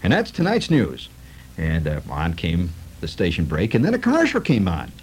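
A man's voice: low-pitched, normal speed, a little hiss or hum, rough recording. A man in a comic monologue, telling stories with sarcasm and lots of fillers. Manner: animated, sarcastic storytelling with many fillers.

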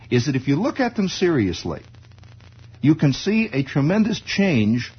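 A man with a husky, mid-range voice gives a wry comic monologue, wandering from digression to digression in a conversational radio style. It is rambling storytelling, heard through a dull, lo-fi old radio recording.

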